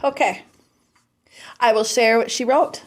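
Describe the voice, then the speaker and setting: A woman's voice: on the high side, fairly even intonation, unhurried. A woman hosting a casual vlog, chatting while opening fan mail and gushing with sentimental thanks. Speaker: vlog host.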